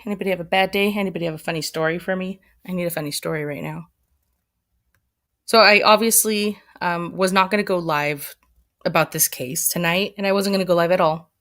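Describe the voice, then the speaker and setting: A lowish, fairly bright female voice belongs to a woman hosting a livestream. Her casual commentary wanders as she chats loosely and works through comments from the chat.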